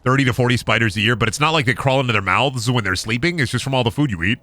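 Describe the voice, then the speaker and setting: A man's voice: mid-range voice, racing, bright, forceful tone, dry recording. A young man live-streaming a game, rambling goofily and joking as he plays. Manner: goofy, rambling, sings and jokes. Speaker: gaming streamer. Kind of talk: casual live-stream commentary.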